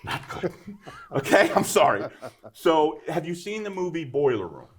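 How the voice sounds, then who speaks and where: A man in his fifties, a guest entrepreneur, telling his story in a casual, animated interview and often checking in with "right?". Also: on the high side, normal speed, slight background noise. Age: 50s. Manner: animated, emphatic, keeps adding "right?".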